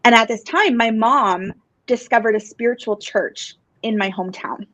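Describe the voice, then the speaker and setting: A woman guest telling her story in a casual interview, earnest and animated, with many fillers and restarts. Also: fairly high pitch, moderate pace, no room sound. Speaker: psychic medium and guest. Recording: dull, dry lo-fi podcast audio.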